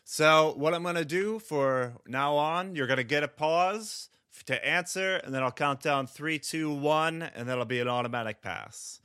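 Bright-voiced young man hosting a quiz. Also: on the high side, a little slow, few pauses, smooth, dry recording, studio quality. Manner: upbeat, announcing scores with chuckles. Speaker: podcast host running a quiz. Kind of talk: casual podcast quiz hosting.

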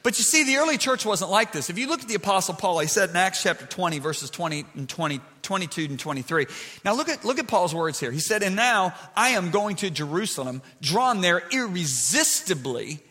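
A man preaching a sermon in a church, animated and building to shouts. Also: high voice, a little fast, in a large hall.

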